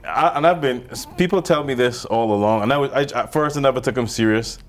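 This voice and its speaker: A man co-hosting a casual comedy podcast, animated and playful, often talking over his partner. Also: mid-range voice, fast talker.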